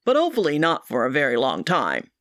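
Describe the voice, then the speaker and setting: An easygoing young man, voiced by a woman, joking and relaxed. The sound is dry and close. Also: sits low, fast talker, no room sound, voice pushed down, exaggerated voice.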